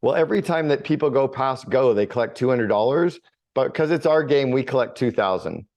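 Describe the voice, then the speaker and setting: A middle-aged man talking in a relaxed interview, blunt and full of energy. He tells his stories casually and swears freely, at an ordinary pitch. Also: brisk. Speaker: podcast guest, business coach.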